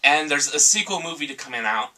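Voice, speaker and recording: Male co-reviewer, blunt and profane, mid-pitched and bright, picked up from across the room. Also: animated, quick pace. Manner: blunt and profane, mock-quotes in a sarcastic voice. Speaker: game reviewer. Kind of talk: casual review chat. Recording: voice from far off the mic.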